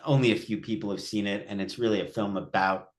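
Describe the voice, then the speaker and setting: A man's voice: fairly low pitch, fast talker. A male film director at a post-screening Q&A, telling a story casually, acting out quoted voices, with many restarts. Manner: animated, acts out quotes, frequent restarts.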